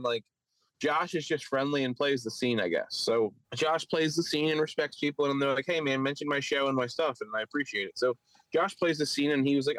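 A man's voice: fairly high pitch, expressive, a little fast, fairly bright tone, dry recording, rough recording. A man with a Philadelphia accent, a podcast co-host and stand-up comic, telling a story in casual chat and mimicking others in raised voices. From Philadelphia area.

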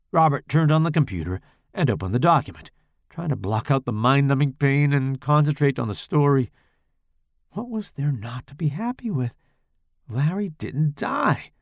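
Gravelly, expressive male horror narrator. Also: a little high, no room sound, clean studio sound. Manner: expressive, dramatic storytelling. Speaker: audiobook narrator.

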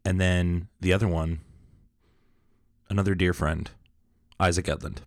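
A man's voice: low-pitched, steady tone, a little slow, dry recording. A man hosting a casual pop culture podcast, talking in an upbeat, chatty, welcoming way. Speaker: podcast host. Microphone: studio microphone.

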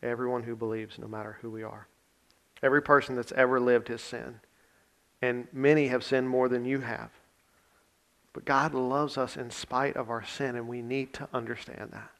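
A man preaching a sermon to his congregation. He talks in a casual, conversational way and leans into scripture passages with emphasis. His voice sits at an ordinary middle pitch. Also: flat delivery, moderate pace, fairly bright tone. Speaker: pastor.

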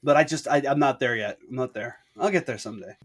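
A man co-hosting a casual podcast chat, talking in an animated, self-deprecating way with many restarts. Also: medium pitch, quick pace, husky. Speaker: podcast co-host.

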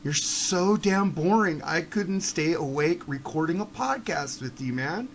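A man hosting a podcast, delivering a blunt, profane rant that swings from low muttering to shouting. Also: animated, unhurried, gravelly, a little hiss or hum. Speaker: podcast host. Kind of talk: ranting monologue.

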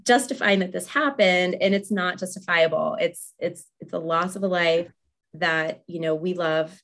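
A young woman hosts a faith-based podcast in casual chat, speaking candidly with many fillers and frequent laughs. Her voice sits on the low side, a bit bright, at a moderate pace.

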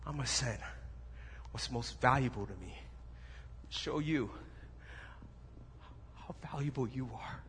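A man preaching a sermon as a pastor, animated and dropping to soft, slow intensity, in a church sanctuary with echo and faint room noise. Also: medium pitch.

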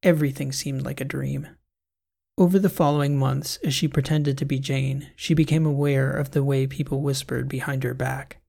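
Male audiobook narrator, gravelly, measured scripted reading. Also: medium pitch, fairly even intonation, a little mellow.

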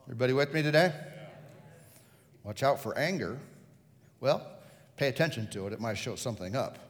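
Man, pastor, sermon, lively storytelling, asks the congregation questions, mid-pitched voice, long hall reverb. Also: fairly quick. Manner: storytelling preacher who quizzes the congregation.

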